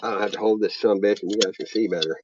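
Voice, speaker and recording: A man's voice: lowish voice, fairly even intonation, racing, slight background noise. A man hosting a casual chat over drinks, rambling and laid-back with profane talk. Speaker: host. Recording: dull lo-fi sound.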